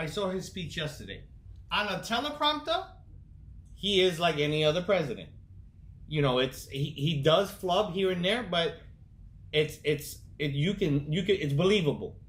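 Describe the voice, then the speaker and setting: A man's voice: fairly high pitch, fairly bright tone, echoey room. A man with a New York accent co-hosting a podcast, chatting casually in a blunt, emphatic way and often talking over others. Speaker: podcast co-host.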